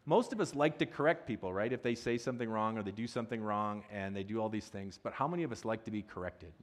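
A man's voice: fairly low pitch, fast. A man giving a conversational sermon as a pastor, chatty and self-deprecating, with asides and questions to the congregation.

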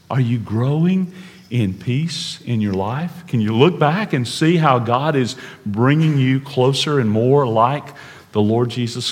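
A man preaching a sermon in an earnest way, slowing down to stress key words and dropping to a hush at times. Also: mid-range voice, big-room sound. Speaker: pastor.

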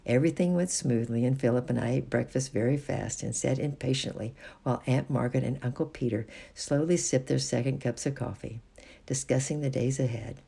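Someone reading a children's storybook aloud in a gentle, steady manner. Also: mid-range voice, fairly quick, gravelly, slightly rough. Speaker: reader.

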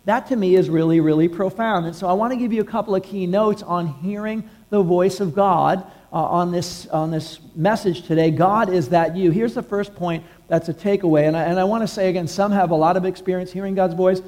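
A male pastor with a notably high voice delivers a sermon to his church. He talks in an easy, conversational way and sometimes sinks to a hush for emphasis. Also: fairly quick, hardly any pauses. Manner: conversational preaching, drops to a hush at quiet points.

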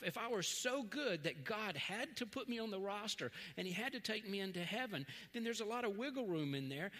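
Animated preacher man in an echoing hall. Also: sits high. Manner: animated storytelling, acts out dialogue. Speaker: pastor. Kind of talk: sermon. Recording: long hall reverb.

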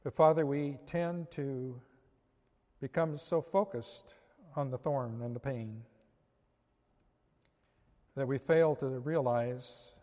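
Man, pastor, sermon, very slow and measured, long echoing reverb. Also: medium pitch, mellow. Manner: slow, measured delivery, closing in prayer.

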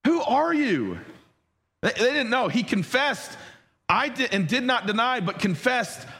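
High-voiced man preaching a lively sermon. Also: moderate pace. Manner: animated, rising and dropping for emphasis, asks the congregation questions. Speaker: pastor.

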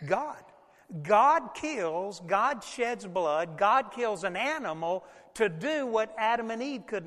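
Male pastor, high voice, lively folksy sermon delivery, long hall reverb. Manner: animated preaching with folksy asides.

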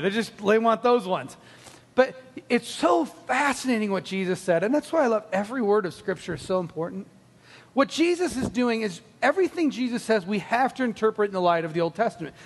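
A man with a high voice preaches a sermon and tells the story with lively energy. He acts out each character's lines and laughs often. His voice carries a long reverb, like a large hall. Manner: animated storytelling, acting out quotes, frequent laughs.

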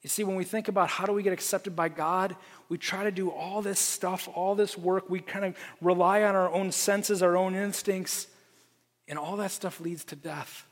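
A man preaching a sermon as pastor, earnest and repeating phrases for emphasis, dropping to a hush for his appeals. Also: sits high, steady tone, moderate pace. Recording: long reverb from a large room.

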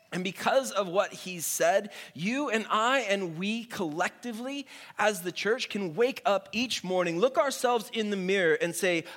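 A man preaching a sermon in a playful, emphatic way, slowing down with dramatic pauses to stress his points. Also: high voice, a bit bright. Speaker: pastor.

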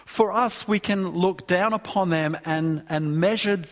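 Earnest preacher in a reverberant church. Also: male voice, high voice, a little slow. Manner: earnest, emphatic, with repeated restarts. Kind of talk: sermon. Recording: long hall reverb.

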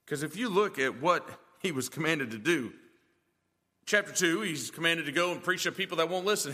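A man's voice: a little high, lively intonation, moderate pace, bright, forceful tone, big-room sound. A male pastor preaching a sermon in a church, emphatic and full of rhetorical questions.

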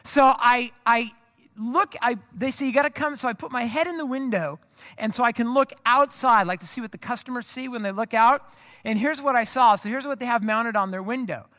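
A man's voice: extremely high pitch, brisk, sharp tone. A man pastor from the of America, preaching a sermon in a casual, storytelling way, poking fun at himself and talking straight to the congregation. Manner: casual storytelling, self-deprecating, addresses the congregation.

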